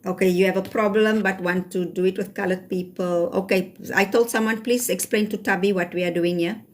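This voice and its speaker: South african woman on a livestream, bossy and firm, reads chat out loud. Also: mid-range voice, fairly even intonation, brisk, slight background noise. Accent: South African (Cape Town). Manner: firm, scolding, mixes Afrikaans phrases. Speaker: livestream host. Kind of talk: live stream chat reading comments.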